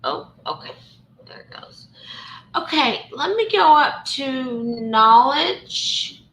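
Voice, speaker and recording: A woman with a Southern US accent hosting a live stream, talking with callers in a slow, careful, hesitant way. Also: high-pitched, animated, fairly bright tone. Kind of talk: casual live chat with callers. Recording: echoey room.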